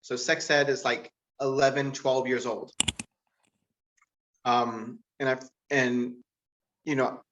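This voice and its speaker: A man doing stand-up comedy who laughs at his own jokes and rambles with lots of fillers, jumping way up in pitch when he quotes people. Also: little pitch movement, takes it slowly, long pauses, dull audio, noisy background. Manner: jumps to a much higher pitch to act out quoted people. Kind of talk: live-streamed stand-up comedy.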